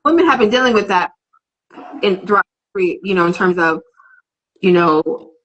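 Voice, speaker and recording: A woman's voice: fairly low pitch, a little fast, a bit bright, highs cut off. A woman in a casual podcast debate, earnestly explaining her view through long, step-by-step examples.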